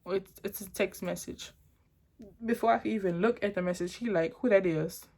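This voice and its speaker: A young adult woman telling a personal storytime on her vlog, animated and rambling with many restarts. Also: medium pitch, moderate pace. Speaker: vlogger.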